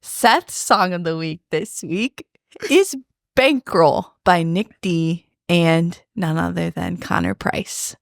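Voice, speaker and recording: A woman's voice: fairly low pitch, slow, vocal fry, no room sound, clean studio sound. Bubbly woman co-hosting a podcast. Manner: bubbly and playful, laughs often. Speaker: podcast co-host. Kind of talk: casual chat.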